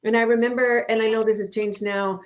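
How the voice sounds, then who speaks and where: Animated woman host, slightly dull recording. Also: on the high side, fairly quick. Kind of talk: conversational interview.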